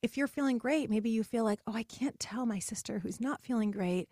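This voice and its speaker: A middle-aged woman hosting a podcast, talking in a chatty, animated way and acting out the voices she quotes. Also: on the high side, brisk, dry recording, studio quality. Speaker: podcast host. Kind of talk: casual solo podcast monologue.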